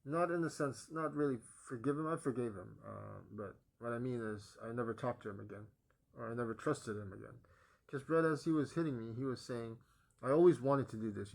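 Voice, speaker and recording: Young man, mid-pitch, halting vlog testimony full of pauses, trailing off softly. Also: vocal fry. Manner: hesitant, many pauses and fillers, voice dropping low and soft at the ends of phrases. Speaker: vlogger giving a personal testimony. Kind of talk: halting personal storytelling.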